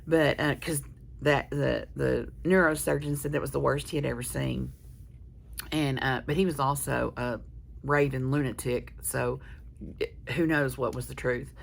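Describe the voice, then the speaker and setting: A woman's voice: very deep voice, fairly even intonation, a little slow, gravelly. A woman chatting casually to her viewers, telling a rambling, candid story full of restarts. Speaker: vlogger. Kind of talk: casual chat to camera.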